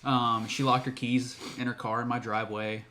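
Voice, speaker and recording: A man's voice: medium pitch, flat delivery, normal speed, bright, forceful tone, a little hiss or hum. Man, podcast co-host, casual chat, laughs a lot. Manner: chatty, laughs often while telling stories.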